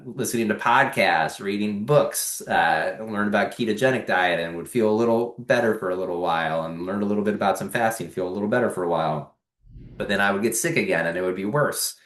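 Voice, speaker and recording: Earnest man telling his story, echoey room. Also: deep voice. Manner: earnest, animated storytelling with quoted dialogue. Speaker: guest. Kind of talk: personal story in a podcast interview.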